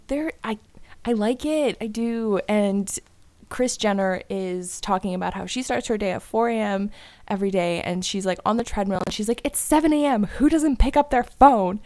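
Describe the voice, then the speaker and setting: A woman's voice: mid-range voice, gravelly. A woman co-hosting a casual podcast chat, telling stories with lots of laughter and acted-out quotes. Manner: animated storyteller, laughs often, acts out quotes. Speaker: podcast co-host.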